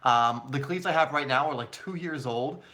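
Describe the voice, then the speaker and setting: Man, live stream host, casual chatty q&a, lots of fillers, bright forward tone, mid pitch. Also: moderate pace. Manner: casual, chatty, answers viewer questions with many fillers. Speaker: soccer channel host.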